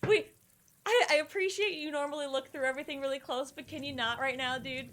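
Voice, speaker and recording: A woman's voice: high voice, steady tone, fast talker, a bit bright. A young woman streaming a horror game, chatting casually and thinking aloud, easily spooked. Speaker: gaming streamer. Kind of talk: casual live-stream commentary.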